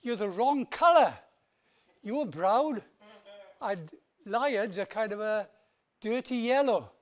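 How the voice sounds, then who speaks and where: A man voicing a wise old turtle who gives patient, slow advice. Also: high-pitched, lively intonation, pitched above the performer's own voice.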